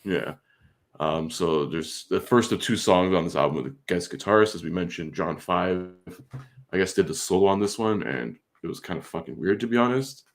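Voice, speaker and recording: A man's voice: sits low, expressive, normal speed. A man co-hosting a podcast in casual chat, joking around, doing mock impressions and laughing often. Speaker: podcast co-host.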